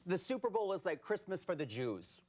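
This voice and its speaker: A man in his thirties, a guest on a late-night talk show, chatting in a campy way with quick comic asides. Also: high voice, big pitch swings. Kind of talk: animated late-night chat. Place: television studio with audience.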